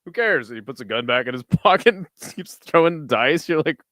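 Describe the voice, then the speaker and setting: A man's voice: medium pitch, lively intonation, brisk, fairly bright tone, no echo. A young man streaming who chats with his viewers while watching videos, laughs often, swears freely and tells stories with animation.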